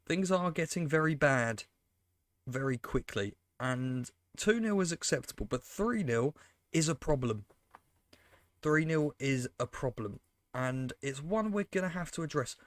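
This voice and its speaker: A man's voice: on the high side, no echo. Exasperated man commentating a game. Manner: exasperated, sarcastic, talks to viewers. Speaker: gaming commentator. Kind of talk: casual let's-play commentary.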